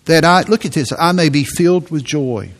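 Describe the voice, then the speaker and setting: A man's voice: fairly high pitch, moderate pace. A man preaching a sermon in an earnest tone, often repeating words as he presses a point.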